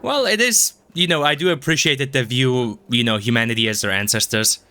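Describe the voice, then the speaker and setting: A man's voice: medium pitch, brisk, pushed and bright, clear, resonant tone. A man streaming a video game, chatting in a rambling, self-mocking way, swearing a lot and stumbling over his words. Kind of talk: casual gameplay commentary. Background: game music.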